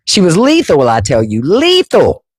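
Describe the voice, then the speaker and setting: Brief: outspoken woman host, animated pitch, dry close sound, casual livestream talk. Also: normal speed, no echo. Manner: blunt, profane storyteller.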